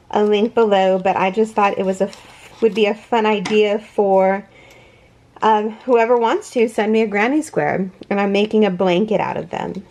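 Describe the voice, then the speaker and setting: A woman's voice: mid-range voice, darkish tone. A woman in her thirties hosting a casual unboxing vlog, gushing with emotional thanks and often breaking off to restart her sentences. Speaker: crochet channel host.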